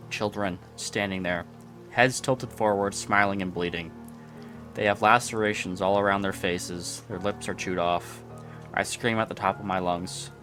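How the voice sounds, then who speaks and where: A man reading a horror story in a steady, measured first-person telling. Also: sits low. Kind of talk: scripted horror narration.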